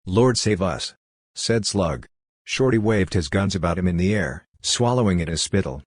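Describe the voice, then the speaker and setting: Low-voiced man reading a novel. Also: animated, normal speed, no echo, clean studio sound. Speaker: audiobook reader.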